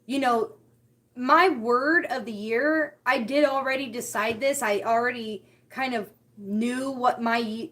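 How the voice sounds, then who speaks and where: A woman's voice: on the high side, a bit bright. A woman hosting a spiritual live stream, talking casually and heartfelt, often repeating her key words.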